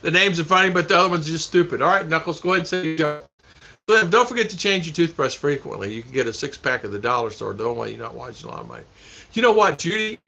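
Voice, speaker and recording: A fast-talking man with a fairly high, gravelly, sharp voice and lively intonation runs a casual livestream, answering viewer comments. He rambles, repeats himself and breaks into laughter a lot, and the stream audio is dull and lo-fi.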